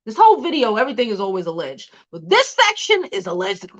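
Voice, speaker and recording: A woman's voice: on the high side, wildly swooping pitch, fast, fairly bright tone, slight background noise. A woman hosting a casual celebrity news livestream, chatty, laughing often and cursing freely.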